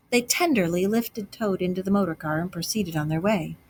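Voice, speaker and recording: A woman teacher narrating a storybook aloud to a class, with expressive delivery. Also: on the low side, brisk, breathy edge.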